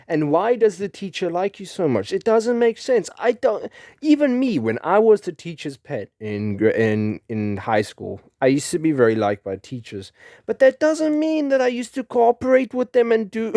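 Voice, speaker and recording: A young man from Africa, telling a rambling, animated story and laughing often. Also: a little high, normal speed, no room sound, studio quality. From South Africa. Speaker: vlogger. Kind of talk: casual storytelling.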